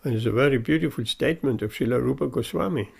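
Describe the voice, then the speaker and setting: A man's voice: mid-range voice, quick pace, gravelly, slightly rough. A man giving a devotional sermon, earnest and emphatic, repeating his key phrases. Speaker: preacher.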